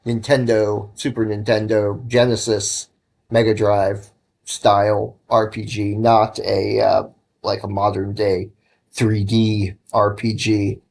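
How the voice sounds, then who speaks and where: A man's voice: on the low side, flat delivery, takes it slowly, gravelly, a little mellow. A man casually talking while programming on a livestream, rambling and correcting himself as he gives advice, sounding a bit tired. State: tired, yawning. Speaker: livestreaming game developer.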